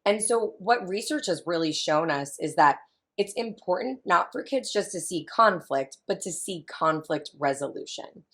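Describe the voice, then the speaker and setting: A woman in her thirties with a low voice and a touch of vocal fry. She talks chattily and with emphasis, circling back to repeat her main points as a guest. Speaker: family consultant guest. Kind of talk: casual interview talk.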